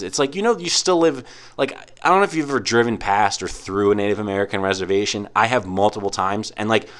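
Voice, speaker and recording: A young man rambles through a profane, casual rant, packing every sentence with "like" and restarts. His voice sits a little low, and he talks like a podcast host holding forth on his own. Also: fairly bright tone, clean tone. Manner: rambling, heavy use of "like", profane. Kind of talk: casual ranting monologue.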